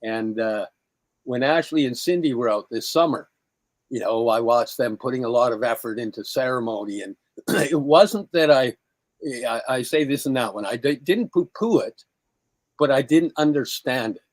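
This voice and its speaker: A man co-hosting a podcast, chatting casually in a relaxed, halting, self-deprecating way. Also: medium pitch, no room sound. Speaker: podcast co-host. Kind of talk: casual chat.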